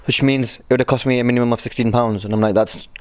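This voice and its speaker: A man's voice: medium pitch, fairly even intonation, fast, smooth, no room sound. A man from northern England, a comedian chatting casually as a guest, wry and self-deprecating. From Blackburn, northern England. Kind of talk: casual chat.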